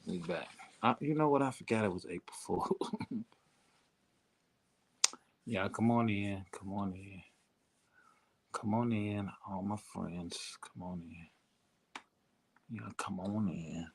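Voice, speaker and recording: A man's voice: lowish voice, slow, gravelly, pauses often, a little hiss or hum. A man hosting a podcast in a casual chat style, hyping up his audience and calling on listeners again and again to join in. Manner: hyped, repeats calls to the audience to come on in. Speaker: podcast host.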